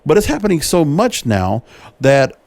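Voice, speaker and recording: Brief: male podcast host, fairly high and lively voice, reads quotes and comments in a close, dry recording. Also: normal speed, no echo. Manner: reads quotes aloud then adds his own opinions, with restarts. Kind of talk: solo commentary reading and reacting to an article.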